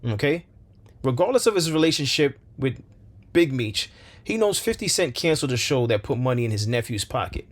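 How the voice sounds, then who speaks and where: Male commentary host of middling pitch, talking with fervor and hammering his points with repeated lines. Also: very animated, fairly quick. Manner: impassioned, rhetorical questions, repeats phrases for emphasis. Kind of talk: opinion commentary monologue.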